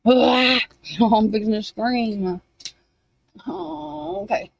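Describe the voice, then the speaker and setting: A woman's voice: on the high side, lively intonation, extremely slow, vocal fry, background noise. Scattered, swearing woman card reader. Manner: scattered, swearing, talking to herself. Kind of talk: casual livestream chat. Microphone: desk microphone.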